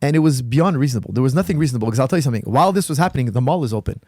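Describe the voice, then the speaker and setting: Man from Canada, gravelly voice, quick talk, emphatic outraged storytelling, podcast guest in a studio. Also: lively intonation, darkish tone, no echo. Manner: emphatic, builds to sudden high-pitched outrage. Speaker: coach and gym owner, podcast guest. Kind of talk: animated storytelling in casual conversation.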